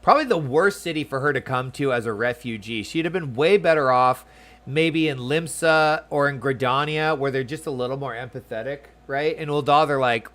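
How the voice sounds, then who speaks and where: A man casually commentating his game session, chatty and excitable, often reading the on-screen text aloud. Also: medium pitch, moderate pace. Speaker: game streamer. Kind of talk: let's-play commentary.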